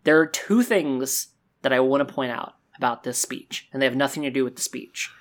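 A woman co-hosting a casual discussion about a video game's story, talking in an animated way with quick asides. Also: rumbling low. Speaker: podcast co-host.

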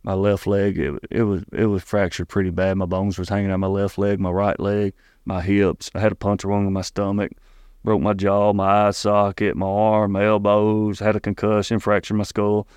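A middle-aged man with a Southern Tennessee drawl and a fairly low voice tells a personal story as an interview guest. He speaks earnestly and haltingly, stopping to restart and repeat words. The sound is dry and close. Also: monotone, a little mellow, smooth, no echo.

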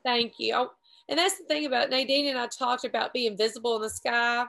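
A woman's voice: fairly high pitch, fairly even intonation, creaky, fairly bright tone, low-quality recording. Chatty woman telling a story. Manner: chatty, rambling, quick to laugh at herself. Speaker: paramotor pilot telling a story. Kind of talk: casual group chat.

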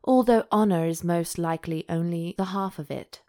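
A woman reading aloud, voicing a tender, possessive young duke in her own slightly low voice. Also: normal speed, mellow, close to an everyday voice.

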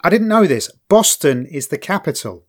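A man's voice: on the high side, very animated, normal speed. A man co-hosting a podcast in casual chat, chatty and stumbling over words, laughing often. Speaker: podcast co-host.

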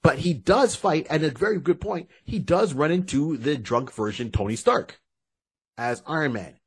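A man co-hosting a podcast, telling stories in an animated, joking way with frequent restarts. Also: fairly high pitch, normal speed, husky. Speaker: podcast co-host. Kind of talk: casual podcast chat.

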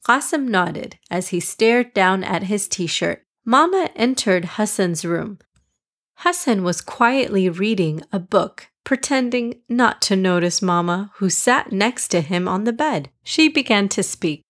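A woman narrating a children's storybook in an even, measured read-aloud voice. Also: mid-range voice.

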